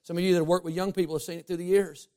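Male pastor, high-pitched, lively humorous sermon delivery. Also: rapid-fire. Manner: animated, humorous preaching with rising emphasis and asides to the congregation.

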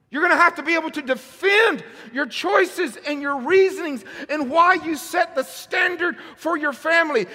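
A man preaching a sermon at a church service, fiery and shouting rhetorical questions. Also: very high voice. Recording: long hall reverb.

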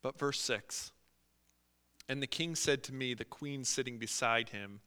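Bright, animated male preacher in a hall. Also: mid-range voice, unhurried, smooth. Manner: animated, acts out quotes, many fillers. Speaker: pastor. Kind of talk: sermon. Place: church sanctuary. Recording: long hall reverb.

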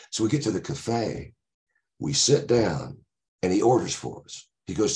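A man's voice: deep voice, lively intonation, moderate pace, darkish tone. A man in his sixties, a podcast guest, telling a long story casually and ramblingly with many asides.

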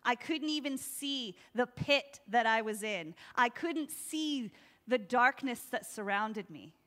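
A woman preaching a sermon in a lively, conversational way, laughing often and acting out voices. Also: on the high side, takes it slowly.

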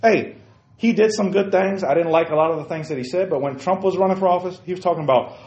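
A man hosting casual opinion talk, emphatic, swinging from quiet explaining to loud bursts. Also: high voice, fast talker. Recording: roomy, dull lo-fi sound.

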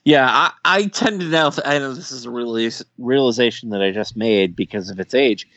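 A man's voice: medium pitch, brisk, a bit bright, dry recording, muffled recording. A man co-hosting a podcast in casual chat, rambling and self-deprecating, with lots of restarts. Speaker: podcast co-host. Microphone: podcast microphone.

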